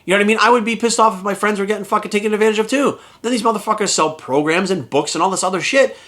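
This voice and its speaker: A fired-up middle-aged man, a fitness coach, rants at a rapid clip in a fairly high voice. He is heated and profane, firing off complaints at full speed. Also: a bit bright. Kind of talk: angry ranting vlog.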